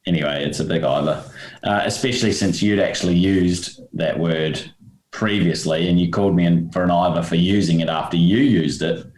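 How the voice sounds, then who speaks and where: Man, podcast co-host, deep voice, roomy echo, jokey, rambling. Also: fairly even intonation, normal speed, a little mellow. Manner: jokey, rambling, stumbles over words. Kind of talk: casual podcast chat.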